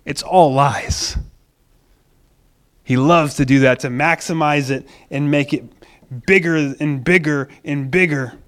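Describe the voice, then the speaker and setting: A man's voice: on the high side, steady tone, moderate pace, fairly bright tone. A man pastor preaching a sermon, emphatic, acting out quoted voices and repeating phrases for stress.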